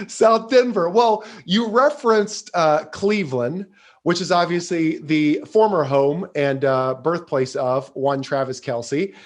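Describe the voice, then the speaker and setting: A man's voice: a little high, slow. A man hosting a podcast interview, effusive and full of praise, with frequent filler sounds. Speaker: podcast host.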